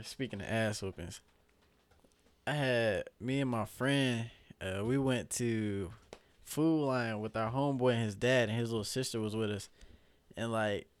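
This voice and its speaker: A man's voice: mid-range voice, no echo. A man chatting casually on a podcast, telling loose, profane stories and laughing often. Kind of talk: casual chat.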